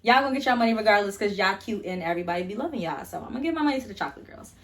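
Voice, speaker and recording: A woman's voice: mid-range voice, lively intonation, rapid-fire, a bit bright. A young adult woman vlogger telling a casual storytime, blunt and profane, chatty with lots of fillers.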